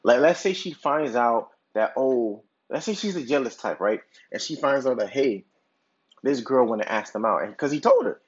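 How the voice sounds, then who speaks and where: A man's voice: medium pitch, animated, moderate pace, husky. A man hosting a podcast, telling a long hypothetical story in a casual, rambling way with lots of filler words and restarts. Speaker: podcast host. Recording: dull lo-fi recording.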